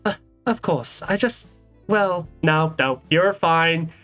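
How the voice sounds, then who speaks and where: A woman's voice: low voice, animated, slow pace, fairly bright tone, faint music behind, pitched below the performer's own voice, heavily acted. A woman voicing a stern female animatronic with a put-on English accent, firm and clipped. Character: stern female animatronic ballerina-clown with a prim English manner.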